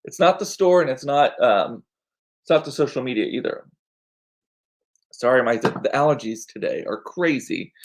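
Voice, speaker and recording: A man's voice: mid-range voice, expressive, moderate pace, pauses often. A man, chatting casually and rambling in a home vlog, chatty and self-deprecating. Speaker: vlogger. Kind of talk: casual chat.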